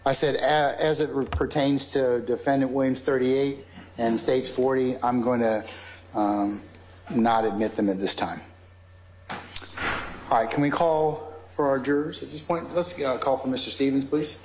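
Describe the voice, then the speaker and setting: A man's voice: mid-range voice, fairly even intonation, a little slow, darkish tone, slight background noise, rough recording. A male judge speaking formally and measuredly from the bench, with occasional hesitations. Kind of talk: courtroom ruling. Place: courtroom.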